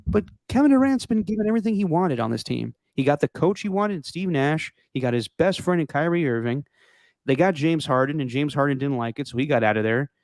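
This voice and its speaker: A man hosting a sports podcast in casual chat, rambling and opinionated, his voice going hoarse. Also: a little high, animated, brisk, darkish tone, dry recording, clean studio sound. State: losing his voice. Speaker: podcast host.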